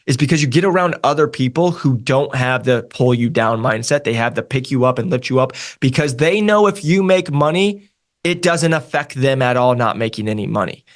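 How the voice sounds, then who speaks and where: A man coaching nurses on a career move, talking in an energetic, emphatic way with lots of repetition. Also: mid-range voice, brisk. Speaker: sales coach. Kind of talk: podcast conversation.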